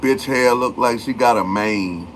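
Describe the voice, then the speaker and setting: A man's voice: medium pitch, a little slow, a little hiss or hum. A man hosting a livestream in casual chat, talking in loose slang and calling out viewers by name. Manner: loose slangy talk, greets and calls out chatters by name. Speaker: livestream host.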